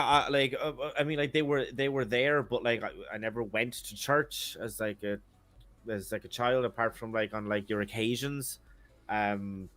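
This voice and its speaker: A man's voice: mid-range voice, a bit bright. Hesitant young man, thick with fillers. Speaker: panel guest. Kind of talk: casual online panel chat.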